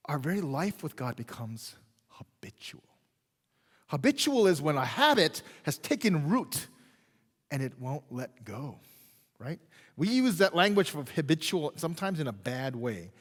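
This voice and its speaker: Animated preaching pastor in a reverberant hall. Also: male voice, fairly high pitch. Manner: animated preaching, swinging from loud emphasis to quiet, drawn-out phrases; conversational, checks in with "right?" and "okay?". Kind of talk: sermon. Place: church sanctuary. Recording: long reverb of a church hall.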